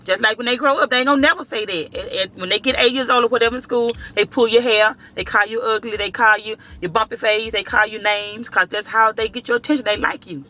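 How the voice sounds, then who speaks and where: A vlogger talks to the camera in a high voice, fast and with hardly any pauses, telling a story in casual, profane speech. He's animated and acts out the dialogue.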